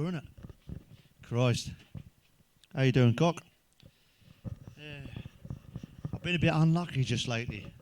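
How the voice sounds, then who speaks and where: A man's voice: mid-range voice, darkish tone. A man delivering a crude stand-up monologue, swearing freely and talking straight to the listener. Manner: swearing, chatty, addresses listener directly. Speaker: stand-up comedian.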